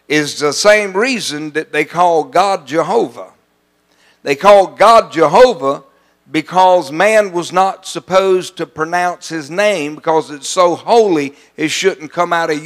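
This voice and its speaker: A man preaching a sermon as pastor, animated and calling out to his congregation. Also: on the high side. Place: church sanctuary.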